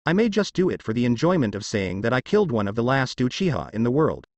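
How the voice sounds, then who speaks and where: A man's voice: mid-range voice, big pitch swings, fast, a little mellow, no echo, highs cut off. A man reading the part of a brash, vengeful young male ninja who growls threats and plays pranks. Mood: menacing.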